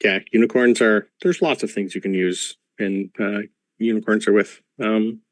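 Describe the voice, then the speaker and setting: A man lectures his players as a school professor, slowly and patiently, filling pauses with ums. His voice sits in the middle range for a man. The sound is dry and close, picked up over a video call. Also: fairly low pitch, steady tone, no echo. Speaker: game master playing a professor. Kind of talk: narrating a tabletop game over a video call.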